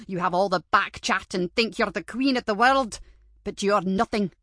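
A woman's voice: medium pitch, normal speed, sharp tone, dry recording, clean studio sound, lightly acted. A woman voicing a spiteful, bullying older female teacher with a stern, contemptuous way of scolding.

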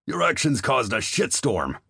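A man voicing a furious male army commander who growls and shouts at a young soldier. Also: low voice, expressive, moderate pace, gravelly, slightly rough, dry recording, clean studio sound, full character voice. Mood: yelling.

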